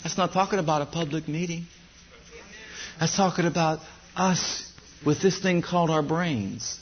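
A man's voice: on the high side, moderate pace. A male pastor preaching a sermon, emphatic and repeating his points. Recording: dull lo-fi recording.

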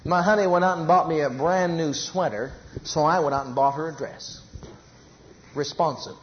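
A man preaching a sermon in an animated way, repeating phrases for emphasis and acting out everyday quarrels. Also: fairly high pitch, a little fast, muffled recording, a little hiss or hum.

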